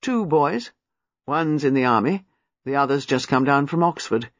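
A man reading aloud, voicing a reserved, sad middle-aged gentleman who speaks slowly and gravely. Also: mid-range voice, animated, dry recording, natural voice. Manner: measured, grim, slow. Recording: slightly muffled, dry.

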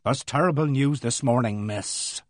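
A man voicing a housemaid who relishes bad news, speaking with dramatic gloom and knowing pauses. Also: medium pitch, dry recording, clean studio sound, lightly acted. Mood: gloomy relish.

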